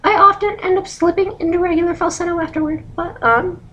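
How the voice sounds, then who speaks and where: Young woman in a squeaky strained falsetto. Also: steady tone, pushed and bright, highs cut off, slight background noise. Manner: halting, with ums, voice cracking. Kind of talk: demonstrating a practice falsetto voice.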